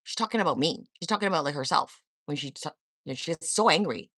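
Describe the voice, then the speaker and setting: A woman hosts a live stream and argues straight at her viewers, confrontational and sarcastic, with swearing. Her pitch leaps up and down as she talks. The sound is dry and close, with no room echo. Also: animated, fast talker, fairly bright tone. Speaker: livestream host. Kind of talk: heated live-chat monologue.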